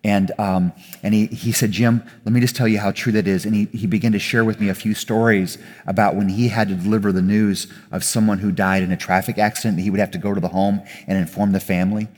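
A male pastor preaching a conversational sermon to a congregation, getting louder and more emphatic as he makes his points. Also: fairly low pitch, steady tone, fast talker. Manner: conversational preaching, rising with emphasis, self-corrections. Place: church hall with audience. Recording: reverberant hall.

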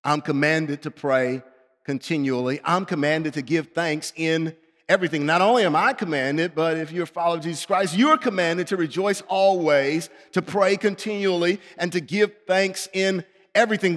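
Impassioned high-voiced male preacher. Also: normal speed, in a large hall. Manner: impassioned, swings from pleading to hushed. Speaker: pastor. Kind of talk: sermon.

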